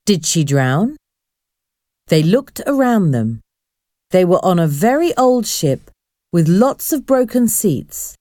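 A woman narrating a storybook in a clear, deliberate reading voice. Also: medium pitch, sing-song, mellow, dry recording, clean studio sound.

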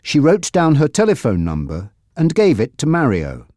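A narrator reading a simple storybook in a clear, measured way. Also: mid-range voice, wildly swooping pitch, dark tone, no room sound, clean studio sound. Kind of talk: graded-reader audiobook narration.

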